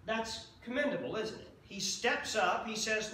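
A man's voice: high-pitched, lively intonation, moderate pace, hardly any pauses, sharp tone, slight background noise. A man preaching a sermon as pastor, talking in a conversational way and often checking in with "okay?". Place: church sanctuary. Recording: echoey church from a distance.

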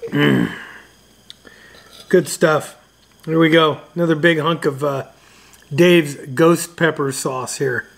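Slow, chatty man hosting a radio show. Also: a little high, steady tone, vocal fry. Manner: loose and chatty, with frequent uhs. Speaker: ham radio video host. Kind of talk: casual chat to camera.

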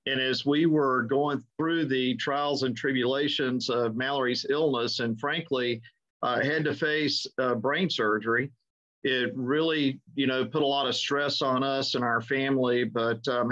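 A man's voice: medium pitch, steady tone, a little slow, fairly bright tone. A middle-aged man hosting an interview, telling stories in an easygoing way and chuckling as he recalls old pranks. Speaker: podcast host. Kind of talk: conversational interview. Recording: dull lo-fi audio.

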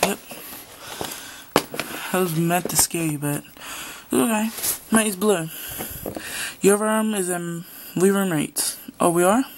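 A woman's voice: fairly low pitch, slow pace, pauses often, noisy background. A woman performing a homemade drama, voicing several young men in casual, slangy back-and-forth dialogue. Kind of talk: homemade voiced drama, one performer doing all roles.

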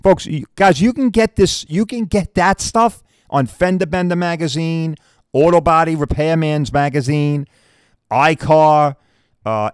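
A man's voice: a little high, clear, resonant tone, no room sound, clean studio sound. A man hosting a podcast, delivering a blunt, combative promotional rant with frequent "all right?" asides. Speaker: podcast host. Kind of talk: ranting promotional monologue.

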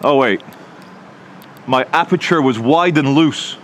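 A man's voice: mid-range voice, unhurried. A man filming a casual walking vlog outdoors, making dry sarcastic asides on a handheld camera. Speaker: vlogger. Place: outdoors on city streets. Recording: outdoor street noise. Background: street traffic noise.

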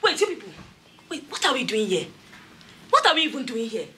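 A woman with a Nigerian accent playing a hot-tempered, insulting tenant who scolds loudly. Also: on the high side, sing-song, a little fast, a little hiss or hum. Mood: furious. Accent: Nigerian English. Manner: loud, scolding, mocking. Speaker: angry tenant.

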